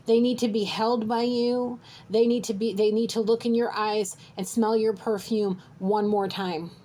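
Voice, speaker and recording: A woman's voice: fairly high pitch, fairly even intonation, a little slow, dark tone, rough recording. A woman reading a channeled spiritual message straight to her viewer, earnest and direct, often checking in with "okay?". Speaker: psychic reader. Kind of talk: channeled tarot-style reading to camera.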